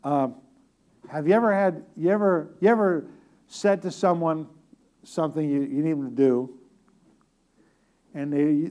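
A man's voice: a little high, dark tone. A man preaching a conversational sermon, talking directly to the congregation with repeated phrases and joking asides.

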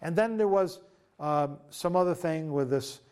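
A man preaching to his congregation, talking with an earnest, conversational warmth and stumbling into frequent restarts and fillers. His voice sits a little higher than most men's. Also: unhurried, clean tone. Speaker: pastor. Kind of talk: sermon.

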